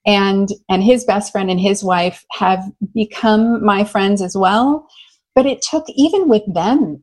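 An American woman speaks as a guest in an interview, expressive and enthusiastic as she tells her stories. Her voice sits at an ordinary middle pitch for a woman. She talks with a big, lively personality. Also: rough recording. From United States. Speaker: love coach and guest. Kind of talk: conversational interview.

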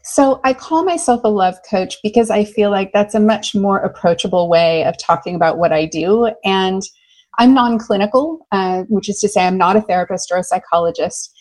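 An American woman working as a love coach, telling stories in an enthusiastic, expressive way during an interview. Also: mid-range voice, normal speed, poor audio. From United States. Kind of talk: conversational interview.

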